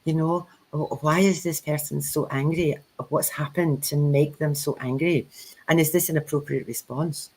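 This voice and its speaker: A woman with a low, husky voice speaks at a normal pace on a poor-quality recording. She co-hosts a spiritual chat, casually telling stories and animatedly acting out the dialogue she quotes.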